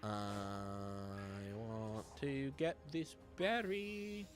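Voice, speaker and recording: A man's voice: on the low side, very slow, music in the background. A young man chatting casually while streaming a game, rambling and swearing freely. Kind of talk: casual gameplay commentary.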